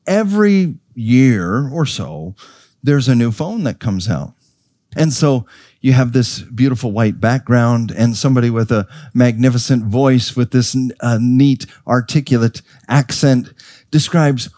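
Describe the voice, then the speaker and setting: A middle-aged man preaching a sermon, emphatic, asking the congregation questions and leaping up in pitch for stress. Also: expressive, measured pace, a little mellow, no room sound, studio quality. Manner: emphatic, with rhetorical questions and sudden pitch leaps.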